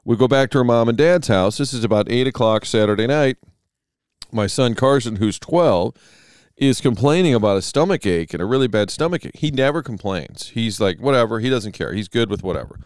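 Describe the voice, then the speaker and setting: Middle-aged guy cohosting, smooth clear voice, jokey storyteller, dry close sound. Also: mid-range voice, animated, a little fast, darkish tone, no room sound. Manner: joking storyteller who slips into voices. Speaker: radio show co-host. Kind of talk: casual chat.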